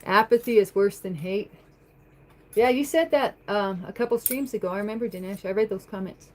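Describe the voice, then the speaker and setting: A woman's voice: medium pitch, brisk, a little mellow, rough recording. Chatty woman livestreaming from home. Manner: chatty, rambling, reads comments aloud and answers them. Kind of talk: casual livestream chat, answering viewer comments. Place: home, at the kitchen sink.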